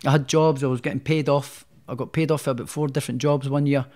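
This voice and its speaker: A boxer rambles through his story as a podcast guest, starting over many times in casual conversation. He talks fast at medium pitch, keeping a steady, darkish tone.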